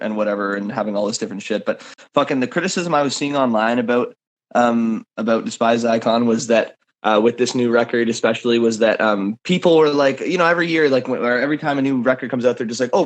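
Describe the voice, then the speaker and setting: A man's voice: mid-range voice, fast. A man co-hosting a podcast in casual chat, often stammering and repeating words, with a lot of swearing. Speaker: podcast co-host.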